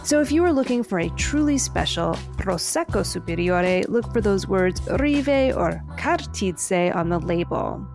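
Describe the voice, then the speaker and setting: A woman's voice: mid-range voice, animated, measured pace, few pauses, a little mellow. A woman podcast host giving an enthusiastic scripted narration of a wine tasting, spelling out terms as she goes. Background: music.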